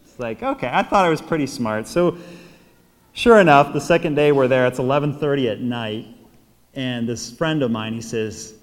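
American priest telling a homily story. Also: male voice, mid-range voice, normal speed, big-room sound. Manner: animated storyteller, acts out quotes, laughs often. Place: church.

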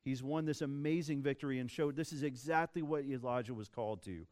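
Young male pastor, casual storytelling sermon, smooth clear voice, mid pitch. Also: a little fast. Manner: casual, animated storytelling with restarts.

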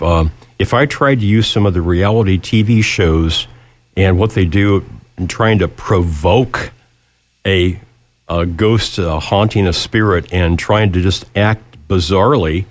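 A man's voice: low-pitched, a little slow, no room sound. A man hosting an interview, chatty and fond of telling stories. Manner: chatty storyteller. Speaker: radio host. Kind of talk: interview talk.

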